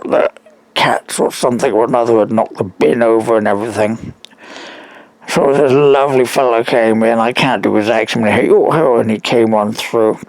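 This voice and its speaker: A weak man speaks in a gravelly, low-middle voice, telling a long story with halting restarts and rambling asides. The sound is dry and close, with no room around it. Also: a little mellow, dry recording, poor audio. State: weak and struggling to breathe. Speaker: caller. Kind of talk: recorded phone call.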